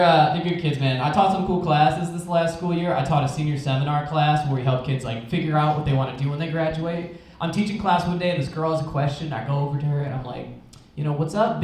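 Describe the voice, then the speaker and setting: A man's voice: fairly high pitch, slight background noise. Self-mocking male stand-up in an echoey club. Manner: deadpan, self-mocking asides. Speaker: stand-up comedian and teacher. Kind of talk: stand-up comedy set. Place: comedy club stage with audience. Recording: echoey club room with crowd laughter.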